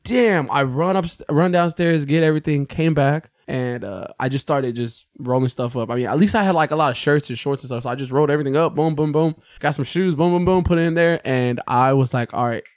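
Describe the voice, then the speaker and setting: A young American man, a podcast co-host, telling a story in casual chat, animated and profane, jumping into a raised voice when he quotes himself. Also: a little high, brisk, hardly any pauses, no room sound, studio quality.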